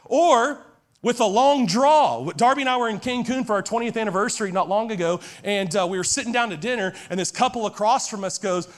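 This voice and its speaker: A pastor in his forties preaches in a high-pitched voice. His delivery is earnest and emphatic, and he circles back to his key phrases. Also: fast, hardly any pauses, fairly bright tone. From Texas. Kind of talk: sermon.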